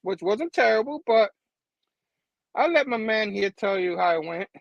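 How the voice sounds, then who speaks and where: A man's voice: sits high, expressive, normal speed, vocal fry, no room sound, dull audio. A man co-hosting a casual comic chat, speaking in a laid-back way. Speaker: co-host.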